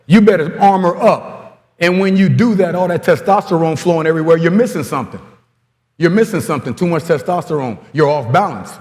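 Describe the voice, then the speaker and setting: Speaking at a coaching clinic as a guest, a man from Congo gives coaches blunt, street-savvy motivation through stories and slang. His voice is on the high side with a darkish tone, a little fast, and it echoes with a big-room sound.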